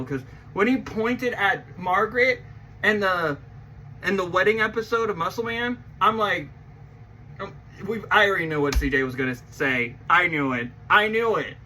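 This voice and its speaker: High, bright, excitable young guy vlogging. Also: a little hiss or hum, low-quality recording. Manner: excitable, swings from mumbling to yelling, swears a lot. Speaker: channel host reacting to a movie trailer. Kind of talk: casual reaction vlog.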